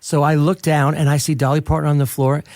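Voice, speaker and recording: A man's voice: a little high, flat delivery, fast, darkish tone, no room sound, clean studio sound. Chatty older male radio host. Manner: chatty storyteller, acts out quotes. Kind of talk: casual interview chat.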